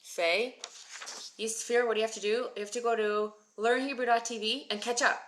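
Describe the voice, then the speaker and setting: This live Hebrew reading lesson is led by a thirty-something woman who came to Israel as an adult. Her slightly high, a bit bright voice holds a steady tone at normal speed over a little hiss or hum, and she responds to viewer comments by name.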